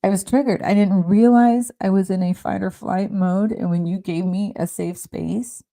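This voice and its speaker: A middle-aged woman talking earnestly in a casual, heartfelt conversation, often halting and restarting. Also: mid-range voice, steady tone, vocal fry, warm tone. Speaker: podcast host.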